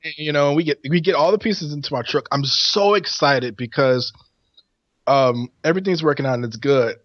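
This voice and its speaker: A man co-hosting a podcast, telling a story in an animated, laughing way. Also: on the high side, normal speed, no room sound, dull audio. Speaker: podcast co-host. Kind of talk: casual storytelling chat.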